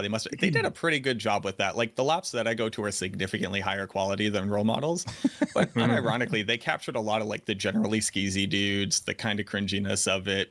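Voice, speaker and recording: A man's voice: lowish voice, fairly bright tone, dry recording. A man from the North Shore of Boston with a light Boston accent, a guest telling stories in a chatty, self-deprecating way on a casual podcast. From North Shore of Boston, USA. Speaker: guest content creator.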